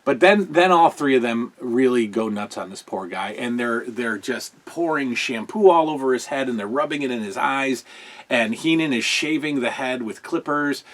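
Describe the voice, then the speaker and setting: A middle-aged man talks loosely through a casual review of old wrestling shows, his voice sitting at an ordinary pitch. He rambles and gets excitable, breaking off his sentences and starting over. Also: normal speed. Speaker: podcast host.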